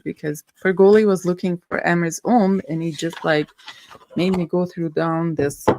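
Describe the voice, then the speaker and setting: A woman's voice: fairly low pitch, gravelly, darkish tone, slight background noise. A woman hosting a casual perfume livestream, playful and a bit silly, giggling as she chats with viewers and muses over scents. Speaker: livestream host reviewing perfumes.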